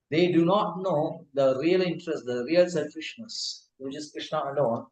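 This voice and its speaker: Give me a man giving a halting religious lecture in an echoing temple hall. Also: on the high side, a little mellow. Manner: halting, frequent fillers and restarts. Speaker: spiritual teacher. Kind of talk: scripture lecture. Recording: echoey hall.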